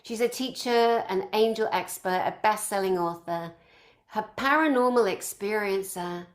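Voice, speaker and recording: A woman's voice: mid-range voice, normal speed. A woman organizing a conference, introducing its speakers one by one and piling up effusive praise in long lists.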